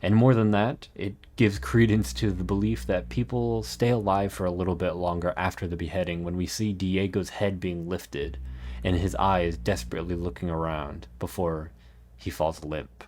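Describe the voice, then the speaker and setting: A man narrating a scripted video essay in an earnest, measured way with dramatic pauses. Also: low-pitched, flat delivery, darkish tone, slight background noise. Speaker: YouTube narrator.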